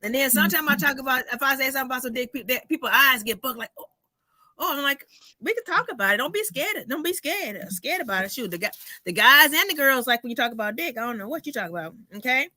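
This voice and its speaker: A woman comedian telling stories in a casual chat, animated and salty, acting out the people in them. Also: high-pitched, fast, dry recording. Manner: animated storyteller, acts out voices, swears freely.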